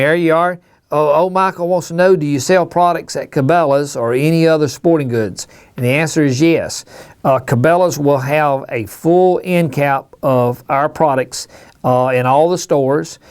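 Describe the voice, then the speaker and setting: Man, call-in host, folksy rambling talk, higher voice, smooth clear tone. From Alabama. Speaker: radio show host. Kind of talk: casual call-in chat.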